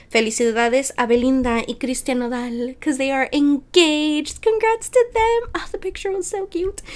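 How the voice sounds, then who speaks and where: A young woman hosting a casual entertainment news podcast, chatty and quick to laugh, swearing freely as she rambles. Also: high-pitched, clear, resonant tone. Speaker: podcast host. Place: Chicago.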